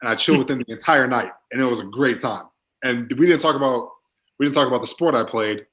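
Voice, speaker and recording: A young man in his twenties talks in a loose, casual podcast chat. He rambles through college stories with plenty of "like" and "um." His voice sits at an average pitch for a man. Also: fast, fairly bright tone. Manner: laid-back storytelling, many fillers. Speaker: guest, pro football player.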